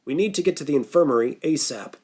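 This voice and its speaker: A man voicing a gruff, middle-aged male rescuer in an audiobook. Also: fairly high pitch, lively intonation, quick pace, dark tone. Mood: urgent. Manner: gruff, urgent.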